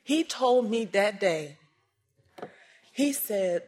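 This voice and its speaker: A woman giving a personal testimony, swinging between hushed and raised, emotional storytelling. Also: fairly low pitch, animated, unhurried, long pauses.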